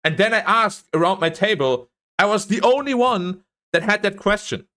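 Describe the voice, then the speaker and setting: A young man talks to his stream in a casual, rambling way. His voice sits somewhat high and climbs sharply when he gets worked up, with plenty of swearing. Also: normal speed. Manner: animated ranting, swears, voice jumps up when annoyed. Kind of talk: casual chat.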